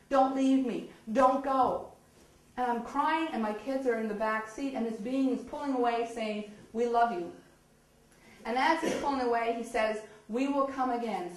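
A woman gives an animated storytelling speech, laughing often and slipping into the voices of the people she describes. Her voice sits a little high. It reaches the mic from a distance, with the echo of a hall around it. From eastern Canada. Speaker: speaker telling her story.

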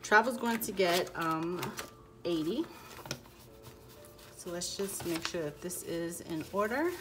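A woman's voice: fairly low pitch, expressive, takes it slowly, music in the background. A woman vlogging her budget, chatting casually and counting bills aloud with playful asides. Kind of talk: casual chat while counting cash.

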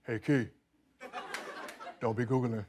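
A man's voice: medium pitch, flat delivery, slow, over a noisy crowd, heavy background noise, voice pushed down, lightly acted. A man doing an impression of a big athlete who teases in a lazy, repetitive drawl. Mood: teasing. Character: deep-voiced big male athlete, teasing.

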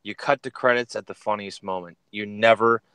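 Male co-host, casual storyteller, animated character voices, dead-dry close recording. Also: brisk, smooth, no echo. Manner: animated, jumps into high voices for quoted characters. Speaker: podcast co-host.

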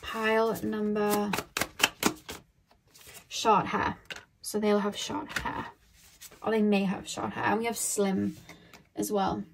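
A woman reading tarot cards for her viewers in a relaxed, chatty way. She rambles and thinks out loud, leaning on fillers as she goes. Her pitch sits at an ordinary middle height. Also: takes it slowly, gravelly, pauses often, noisy background. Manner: loose and rambling, thinking aloud with many fillers. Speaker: tarot card reader. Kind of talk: casual pick-a-card tarot reading.

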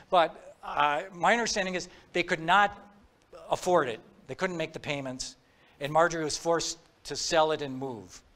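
A man's voice: fairly high pitch, a bit bright. A man giving a talk, telling a true-crime story in a conversational way, acting out quoted dialogue. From Minnesota.

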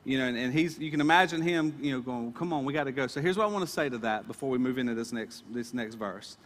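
A man's voice: mid-range voice, quick pace, a bit bright, in a large hall. A male pastor preaching a sermon in an earnest, emphatic way, often repeating his words.

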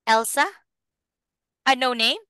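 A woman teaching phonics to a young child on a video call. She speaks slowly in a bright, smooth voice a little higher than most, patient and encouraging, spelling words letter by letter. The sound is dry and close. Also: steady tone, no echo. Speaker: online English teacher.

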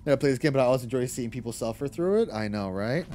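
Lively Irish man streaming, faint music. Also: medium pitch, racing. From Ireland. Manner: animated, laughing often, cursing at the game. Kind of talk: casual gaming livestream chat.

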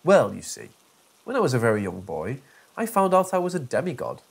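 A nasal, self-satisfied villain, as a man puts him on for a spooky story reading, talking in a lively sing-song with a husky edge. He monologues about himself with pompous relish, smug and theatrical. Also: mid-range voice, fairly quick, heavily acted.

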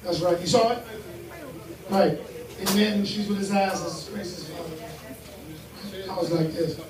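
High-voiced D.C. man hosting a rowdy crowd. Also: fairly even intonation, a little slow, distant mic. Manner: loud, teasing, profane banter with laughter. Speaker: comedy show host running a crowd game. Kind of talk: live crowd-work hosting. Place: live event venue with an audience. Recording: echoey venue recorded from afar, loud crowd.

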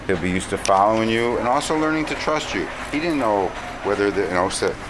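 A man training a dog while filming, giving short calm commands and explaining his method. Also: lowish voice, brisk. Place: indoors at a kennel facility. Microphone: handheld camera mic. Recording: loud background noise, dogs barking.

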